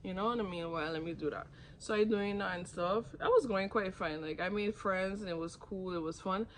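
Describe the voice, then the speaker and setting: A woman's voice: fairly quick, a little hiss or hum. Chatty woman telling a story. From Saint Martin. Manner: chatty, acts out others' lines with sudden high jumps. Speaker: vlogger. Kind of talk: casual storytelling.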